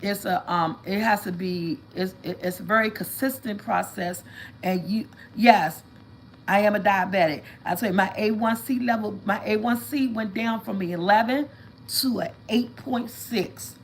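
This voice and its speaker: Lady chatting on her live vlog, animated storyteller, mid pitch, bit of faint hiss behind. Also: moderate pace, rough recording. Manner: chatty, animated storytelling, addresses viewers as y'all. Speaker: vlog host. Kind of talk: casual livestream chat.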